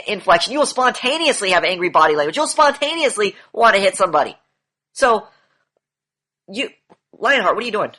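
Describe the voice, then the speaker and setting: A man's voice: high voice, bright, forceful tone. A man coaching a group in an online session, lecturing bluntly, repeating key phrases and swearing now and then. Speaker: demand training coach.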